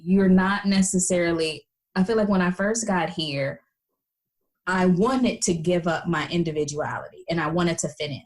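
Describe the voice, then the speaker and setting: An American woman with a lowish, slightly mellow voice is a guest in a casual interview. She tells stories chattily, with plenty of fillers and playful quoted voices.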